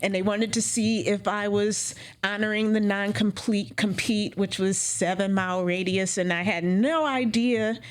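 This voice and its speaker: A woman dentist telling her career story in an interview, emotional and animated, acting out what she said back then. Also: mid-range voice, a little slow, few pauses. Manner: emotional, animated, acts out her own quotes.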